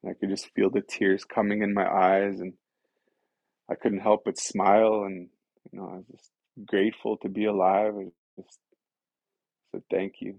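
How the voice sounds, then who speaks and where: Low gravelly man, earnest and rambling. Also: level tone, moderate pace, no room sound. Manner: earnest and rambling, many fillers like "you know" and "right". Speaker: guest sharing a recovery story. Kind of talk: candid personal storytelling. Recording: dull lo-fi dry recording.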